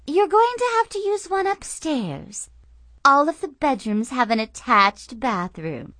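A woman's voice: high voice, fairly bright tone, no echo, voice pushed up, heavily acted. A woman voicing a frantic, flustered middle-aged lady of a fancy house, talking in a fluttery rush.

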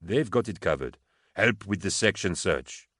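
A man's voice: sits low, lively intonation, measured pace, a bit bright, husky, no room sound, studio quality, heavily acted. A man voicing a stern male military officer who gives curt orders in an audiobook. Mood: commanding. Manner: curt, commanding.

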